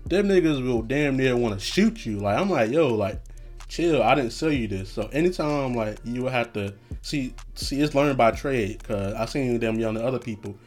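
A man's voice: medium pitch, expressive, normal speed, a little mellow, faint music behind. Laid-back, profane young man chatting. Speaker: podcast host. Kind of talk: casual solo chat.

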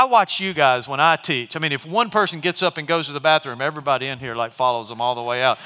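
Male pastor, high and bright, animated sermon storyteller, reverberant church hall. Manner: animated storytelling, acts out characters. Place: church sanctuary.

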